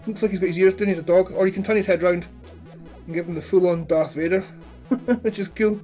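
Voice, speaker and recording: A man's voice: high voice, brisk, mellow, soft background music. A man chatting casually about his toy collection, rambling and blunt with plenty of swearing. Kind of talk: casual chat.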